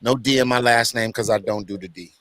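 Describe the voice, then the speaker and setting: A man's voice: mid-range voice, fairly quick, a loud crowd. A middle-aged man, a comedian, cracking brash jokes and swearing in loose banter on a video call. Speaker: comedian guest.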